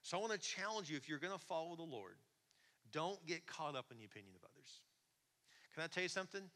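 A man preaching a sermon in a conversational, animated way, often asking the congregation questions. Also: fairly high pitch, quick pace. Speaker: pastor. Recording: long hall reverb.

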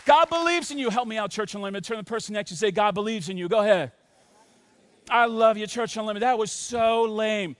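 A man with a high voice preaches to a large church, quick to rhyme and urge the congregation to answer back. The sound is close and dry. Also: no room sound, a faint crowd. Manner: energetic preaching with call-and-response; rhythmic, rhyming, playful. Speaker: pastor. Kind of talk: sermon.

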